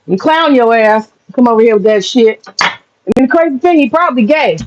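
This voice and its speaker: A high-pitched woman rants to her livestream chat in a blunt, profane, laughing way. Her voice comes through a dull, lo-fi recording with a faint hiss underneath. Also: animated, a little slow. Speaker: streamer. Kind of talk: casual livestream rant to chat. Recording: dull lo-fi sound with faint noise.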